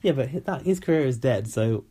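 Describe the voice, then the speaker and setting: Giggly man with a husky voice. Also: mid-range voice, expressive, brisk, warm tone. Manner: giggly, teasing, recaps the show from notes. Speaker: podcast co-host. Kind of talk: casual podcast chat.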